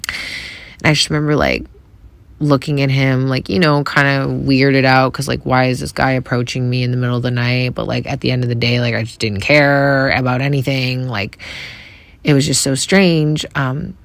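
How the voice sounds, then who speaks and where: Gravelly, soft-spoken woman telling a story. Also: extremely low pitch, moderate pace, no echo. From Canada. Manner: soft, reflective, hesitant with many fillers. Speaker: podcast host. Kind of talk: personal storytelling.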